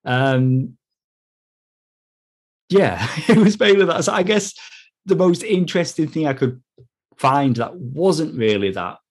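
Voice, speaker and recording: A man's voice: fairly high pitch, lively intonation, slow, long pauses, slightly rough. Casual male podcast host, loose, laughs a lot. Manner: laughs between phrases, loose and chatty. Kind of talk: casual film review chat.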